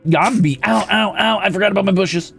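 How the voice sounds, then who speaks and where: A man streaming a building game, playful and swearing casually, who jumps into high squeals when greeting creatures and chats with viewers. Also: fairly quick, gravelly, fairly bright tone, soft background music. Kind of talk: live gameplay commentary.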